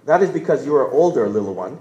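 A man voicing a great, wise lion, speaking slowly and solemnly in a lowered voice, heard with a roomy echo. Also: expressive, a little mellow, lo-fi sound, natural voice. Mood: gentle, solemn. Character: great wise male lion, gentle and grave.

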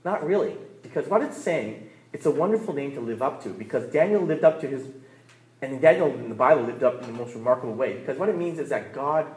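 A man in his thirties preaching a sermon in a conversational way, often checking in with "right?" and laughing between points. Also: medium pitch. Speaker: pastor. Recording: roomy echo.

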